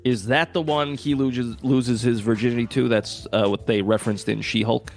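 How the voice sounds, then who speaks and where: Over soft background music, a podcast co-host chats casually about movies in a medium-pitched voice at a moderate pace. He's animated, swears, and acts out scenes and quotes.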